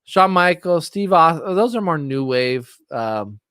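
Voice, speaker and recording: A middle-aged man hosting a casual livestream chat, excitable and rambling as he reminisces. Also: a little high, unhurried, clean tone, no echo, studio quality. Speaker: livestream host. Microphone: streaming setup, close mic.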